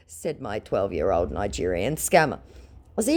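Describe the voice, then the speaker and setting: A woman's voice: a bass voice, very animated, moderate pace, a little mellow. A woman hosting a scam-baiting video, reading out chat logs in a sarcastic, mocking way.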